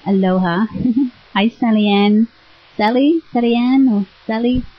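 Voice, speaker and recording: A woman with an Australian accent, a spiritual teacher greeting online listeners in a warm, chatty way and often laughing. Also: on the high side, a little slow. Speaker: spiritual teacher on internet radio. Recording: dull lo-fi web radio audio.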